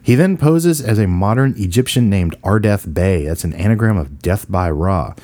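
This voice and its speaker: A man's voice: sits low, lively intonation, normal speed, mellow, no echo. A man hosting a podcast, joking and teasing his co-host as he runs through an old horror film. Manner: playful, jokey, teasing. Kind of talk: casual banter and film rundown.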